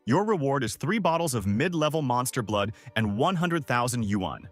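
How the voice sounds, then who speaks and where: A man voicing a young blonde woman teacher who loudly announces exam scores. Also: medium pitch, big pitch swings, moderate pace, no room sound, soft background music, voice pushed up, lightly acted. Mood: announcing. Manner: loud official announcing.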